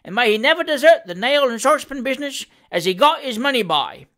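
A reader voicing a man in a crowd who shouts mocking jeers. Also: high-pitched, lively intonation, fast, pitched above the performer's own voice. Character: jeering man heckling from a crowd.

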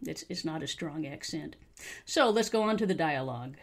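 An American woman with a mild Southern accent, hosting a podcast pronunciation lesson, repeating phrases slowly and carefully for learners to copy. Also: low-pitched, lively intonation. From United States. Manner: slow, careful modeling of phrases, repeated for practice. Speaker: English teacher, podcast host.

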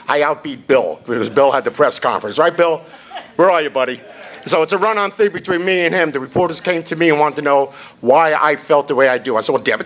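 High-pitched man, party chairman, blunt profane rally talk, unscripted. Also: fairly bright tone. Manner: blunt, salty and fired-up. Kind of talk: off-the-cuff rally speech.

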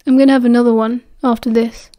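A woman's voice: fairly high pitch, flat delivery, fast, mellow, natural voice. A woman with a British accent voicing a prickly, tired teenage boy who answers curtly and coldly. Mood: guarded. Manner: curt, cold, clipped.

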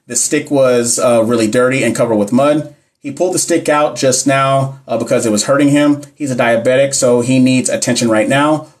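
A fast-talking man runs a casual live stream as a nurse educator. His voice sits at a middle pitch, and his speech is slangy as he addresses the chat directly. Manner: fast-talking, talks fast all the time.

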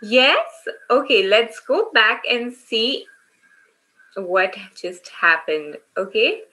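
Bright-voiced woman teaching kids online. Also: a little high, big pitch swings, slow, low-quality recording. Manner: encouraging, asks the kids questions, often checks with "okay?". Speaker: children's workshop teacher. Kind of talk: online class storytelling with quizzes.

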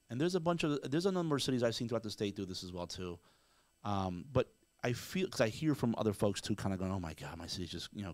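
A man's voice: medium pitch, no echo. A man co-hosting a podcast, ranting emphatically and with profanity, acting out mock quotes as he goes. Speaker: podcast co-host. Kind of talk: casual ranting commentary.

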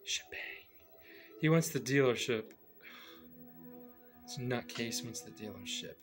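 A man's voice: medium pitch, a little slow, music in the background. A man hosting a reaction video, chatting casually and exclaiming at what he watches.

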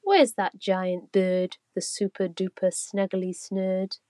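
A woman's voice: medium pitch, fairly even intonation, slow pace, mellow, dry recording, studio quality, lightly acted. A woman voicing a lanky, greedy male thief who whines.

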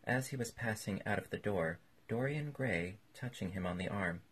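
A man reads a classic novel as an audiobook, his narration measured and even. His voice is on the low side and slightly rough.

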